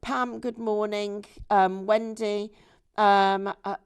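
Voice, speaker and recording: A woman's voice: mid-range voice, steady tone, takes it slowly, clean tone. A woman hosting a live shopping show from a TV studio, chatting in a rambling way and laughing often.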